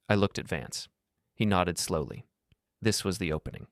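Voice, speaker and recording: Low-voiced male story narrator. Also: expressive, moderate pace, no echo, studio quality. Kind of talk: first-person story narration.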